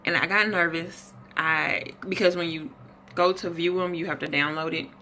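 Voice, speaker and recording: A young woman talks at her desk in a low voice with a forceful, bright edge and a gravelly fry. She rambles and corrects herself as she retells her story, a touch out of breath. A faint noise floor sits under the recording. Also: steady tone, normal speed. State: slightly out of breath. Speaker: vlogger. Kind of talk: casual health update vlog.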